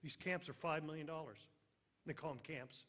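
A middle-aged man preaching a sermon, emphatic, then dropping to a hushed voice on tender lines. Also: fairly high pitch, normal speed.

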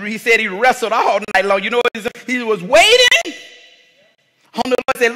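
A male pastor preaching a sermon, rising into shouted, repeated rhetorical questions and calling out to the congregation. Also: very high voice, very animated, normal speed. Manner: call and response with the congregation. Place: church sanctuary. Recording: long reverb of a church hall.

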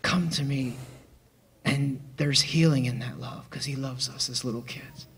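A man telling a personal testimony in a chapel, excited and laughing often as he acts out the people in his story. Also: mid-range voice, normal speed. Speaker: church member giving testimony.

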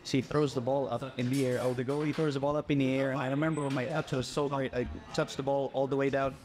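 A man's voice: medium pitch, fast, faint music behind. Young man from the Philippines, storytelling. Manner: animated, acts out voices in quotes. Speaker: podcast guest. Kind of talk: casual storytelling.

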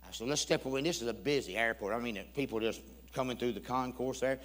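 Man, guest preacher in a church, mid-pitched, telling a story in the pulpit and voicing each side of the dialogue with folksy humor. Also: fast, fairly bright tone. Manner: folksy, humorous, acts out both sides of a conversation. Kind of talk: storytelling sermon. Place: church sanctuary.

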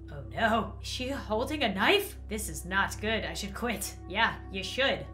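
Excitable woman vlogger reacting to a game. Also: fairly low pitch, moderate pace, hardly any pauses, soft background music. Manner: excitable, gasping, laughing. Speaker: gaming vlogger.

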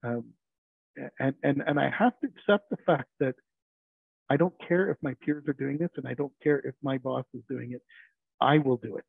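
A man's voice: medium pitch, normal speed, vocal fry, husky, dry recording. A man, an IT team leader and interview guest, telling workplace stories casually and acting out quoted dialogue with frequent chuckles. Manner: anecdotal, acts out quoted dialogue, chuckles often. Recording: narrowband phone-like remote line, dry.

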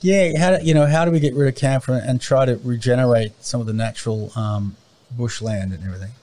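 A man's voice: medium pitch, quick pace, dark tone. A man as an interview guest, talking casually and rambling with many fillers and restarts. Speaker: interview guest, farm owner. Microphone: remote call mic, cutting in and out.

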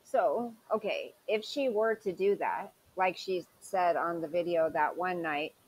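A woman's voice: lowish voice, a little slow, breathy edge, poor audio. A woman hosts a reaction commentary with a sarcastic, critical edge. She questions and picks apart what she has just played. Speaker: commentary channel host.

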